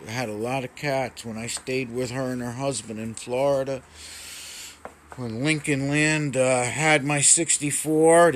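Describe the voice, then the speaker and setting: Slow-talking man with a bright voice. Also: mid-range voice, a little hiss or hum. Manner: rambling, cooing at his cats. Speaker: vlogger. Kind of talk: casual home vlog. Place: home indoors.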